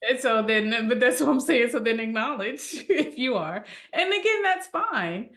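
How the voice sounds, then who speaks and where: A woman co-hosting a casual podcast discussion, teasing and quick, laughing often as she talks. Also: a little high, animated, fairly bright tone. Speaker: co-host.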